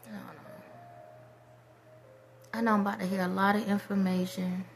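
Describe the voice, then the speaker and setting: Soft-spoken reflective woman vlogger. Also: mid-range voice, flat delivery, moderate pace, soft background music. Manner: reflective, rambling, soft-spoken, trails off into whispers. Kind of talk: casual spiritual monologue.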